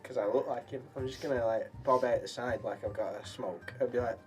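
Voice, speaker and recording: A man's voice: medium pitch, fairly quick, faint music behind. A man playing a tabletop game, describing his character's actions loosely and laughing. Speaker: player. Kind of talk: casual tabletop game play.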